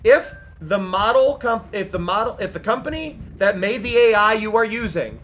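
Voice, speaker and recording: A streamer from the United States talking live over gameplay, emphatic and worked up, repeating key points, at other times reading game text aloud in a playful, mocking way. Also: male voice, sits high, animated, normal speed, fairly bright tone, slight background noise. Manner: heated ranting, emphatic repetition.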